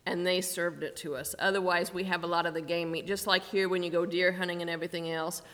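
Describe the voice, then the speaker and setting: A woman's voice: lowish voice, little pitch movement, fast, a bit bright. A woman, a missionary, speaking in a chatty and practical way to a church congregation. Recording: long hall reverb.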